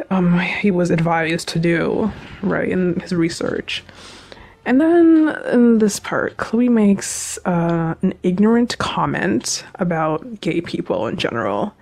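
A woman chatting casually as a video reviewer, recapping an episode in a gushing, animated fan manner. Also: fairly low pitch, creaky, husky.

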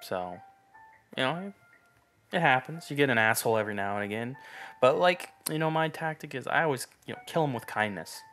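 A man's voice: mid-range voice, expressive, brisk, fairly bright tone, faint music behind. A young man giving loose, profane, sarcastic let's play commentary while he plays a game. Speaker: gamer.

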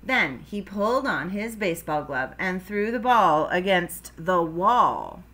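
A woman's voice: on the low side, sing-song, measured pace, a bit bright. A woman teacher reading a children's storybook aloud expressively, with playful sound effects.

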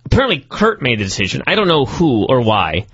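Animated, sarcastic man ranting on a podcast. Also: mid-range voice, fast talker, husky, dry recording, dull audio. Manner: sarcastic, profane, gets worked up and incredulous. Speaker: podcast co-host. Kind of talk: casual wrestling review chat.

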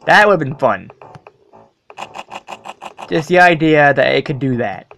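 Excitable swearing gamer with a lively voice. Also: medium pitch, slow pace, creaky, a little hiss or hum. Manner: excitable, swearing, loud startled outbursts. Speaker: let's play gamer. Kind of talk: casual game commentary.

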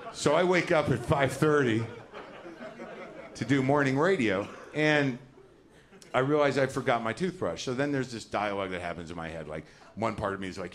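A man's voice: mid-range voice, moderate pace. A middle-aged man doing stand-up comedy, telling a neurotic, profane, self-deprecating story on a live stage. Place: theater stage before a live audience. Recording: live stage recording with loud crowd laughter.

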